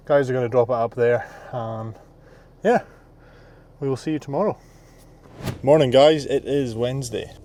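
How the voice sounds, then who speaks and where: A man's voice: medium pitch, warm tone. Young man vlogging his workday outdoors. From Scotland. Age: 20s. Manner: chatty, self-talking, plans the workday aloud. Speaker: landscape business owner. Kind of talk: casual work vlog. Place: outdoors at work sites and yard.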